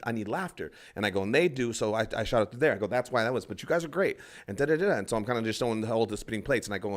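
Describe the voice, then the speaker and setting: A male comedian telling a rambling story in casual podcast chat, acting out other people's lines and swearing freely. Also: medium pitch. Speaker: stand-up comedian guest.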